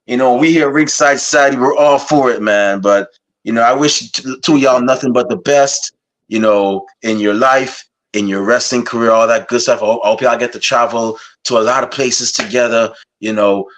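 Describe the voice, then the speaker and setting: Male podcast host, relaxed, reflective, unhurried sign-off. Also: medium pitch. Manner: laid-back, slow and reflective. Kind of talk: casual interview chat.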